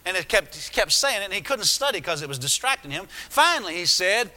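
A man's voice: high-pitched, very animated, fairly quick, hardly any pauses, sharp tone. A man preaching a sermon, retelling a story with many restarts and asides. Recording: echoey hall.

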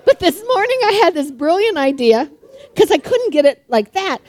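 Older woman preacher with a high, bright voice, quick and joking, delivering a sermon in a church hall. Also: big pitch swings, slight background noise. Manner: fast-talking, chatty and humorous, laughs often.

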